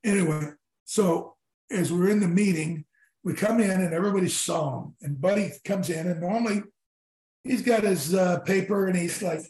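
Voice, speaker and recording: A man in his sixties, a former football player telling stories in a casual interview, animated, swearing and acting out his teammates' lines. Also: high-pitched, normal speed, roomy sound, rough recording. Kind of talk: storytelling in casual conversation.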